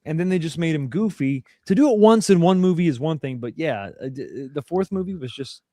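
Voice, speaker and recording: A man's voice: on the high side, lively intonation, a little fast, mellow, no room sound, studio quality. A man co-hosting a podcast, chatting casually in a thoughtful, opinionated way, often hedging and restarting. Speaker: podcast co-host. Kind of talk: casual chat.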